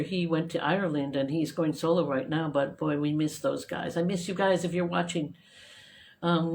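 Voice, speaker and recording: A woman's voice: low-pitched, creaky, slight background noise. A woman singer-songwriter chatting casually between songs on a home live stream, rambling with plenty of ums and uhs. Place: home living room. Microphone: guitar plugged in and a live-stream microphone. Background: her own acoustic guitar playing loudly.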